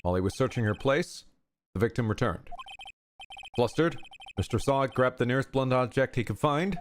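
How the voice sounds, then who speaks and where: A man's voice: mid-range voice, moderate pace, a little hiss or hum. A man streaming a game, reading its dialogue aloud theatrically with joking asides.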